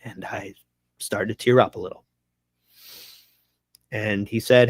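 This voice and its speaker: A man, a guest on a talk show, telling an emotional personal story in an earnest, halting way with many restarts. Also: fairly low pitch, steady tone, dry recording, studio quality.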